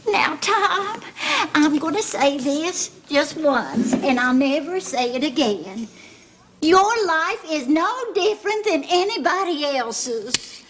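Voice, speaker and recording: A woman's voice: sits high, animated, slow, a bit bright, a little hiss or hum, full character voice. An actress playing a fretful middle-aged mother in a 1970s TV soap, fussing, scolding and pleading. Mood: lecturing.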